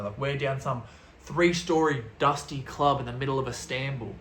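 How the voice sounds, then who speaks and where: A young man telling an animated, slangy story full of swearing, as a vlogger. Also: medium pitch, normal speed, echoey room, slight background noise. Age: young adult. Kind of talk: storytelling vlog.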